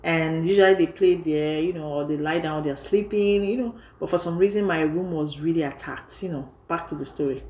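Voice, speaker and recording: A woman in her thirties telling a personal story on her vlog in a lively way, often saying "you know". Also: sits low, a little fast, few pauses. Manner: lively retelling, heavy use of "you know". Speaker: vlogger. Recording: echoey room.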